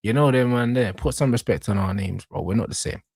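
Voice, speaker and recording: A man's voice: fairly low pitch, brisk, vocal fry, slightly rough, dry recording, clean studio sound. A man, co-hosting a reaction show, trading mocking, slang-heavy football banter. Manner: mocking, slangy, animated trash talk. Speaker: reaction channel co-host.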